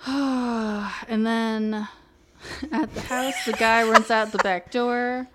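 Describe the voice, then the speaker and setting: A woman recapping a TV episode in casual chat, animated and sarcastic, swearing freely. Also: fairly high pitch, drawn-out words, a little hiss or hum. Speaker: podcast co-host recapping a TV show.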